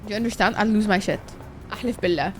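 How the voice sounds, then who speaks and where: Rapid-fire and medium in pitch, a young female streamer delivers profane, exasperated, dramatic rants at the video game she's playing. Faint game music runs underneath her let's-play commentary.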